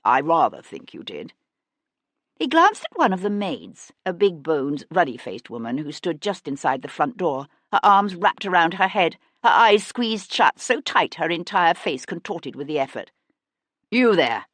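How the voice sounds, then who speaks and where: Female audiobook narrator; measured, even reading, slightly low, dry booth sound. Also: dry recording. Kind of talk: scripted narration.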